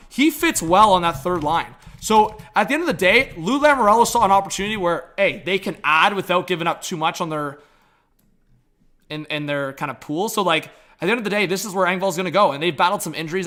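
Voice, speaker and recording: Excitable, high-voiced young man. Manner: excitable, slangy, talks straight to chat. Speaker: livestream hockey commentator. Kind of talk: live reaction commentary.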